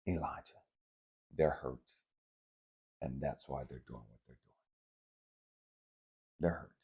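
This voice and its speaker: Slow and gravelly, with a bass voice and a breathy edge, a man addresses viewers directly in a casual spiritual monologue, heard through lo-fi sound. The vlogger curses freely and speaks candidly and confessionally about working through forgiveness.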